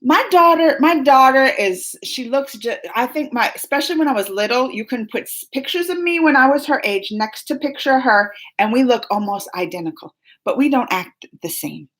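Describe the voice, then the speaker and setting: A woman in her thirties hosting a casual livestream, chatting and rambling to viewers with lots of restarts and asides, her pitch jumping up when she gets excited. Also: moderate pace, few pauses. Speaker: livestream host. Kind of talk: casual live chat with viewers.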